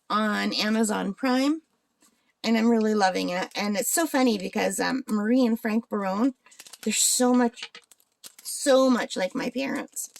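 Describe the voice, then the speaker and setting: A woman in her forties from northern Ontario, Canada, hosts a crafting channel, her fairly high voice gravelly over a little hiss or hum. She chats casually and rambles while working on a craft, asking viewers questions, and she has the hiccups.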